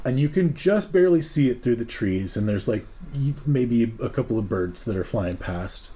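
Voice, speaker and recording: A man's voice: mid-range voice, animated, moderate pace, warm tone. A man from Oregon telling a story in a casual, rambling, profane way, full of "like" and "dude". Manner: rambling, profane, laid-back, many "like"s and "dude"s. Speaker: podcast co-host.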